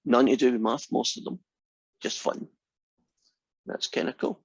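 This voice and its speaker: A man's voice: medium pitch, moderate pace, vocal fry, husky, no room sound, muffled recording. Scottish man giving a chatty lecture. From Scotland. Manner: dry teasing humor, relaxed and chatty. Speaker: college math instructor. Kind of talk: classroom lecture.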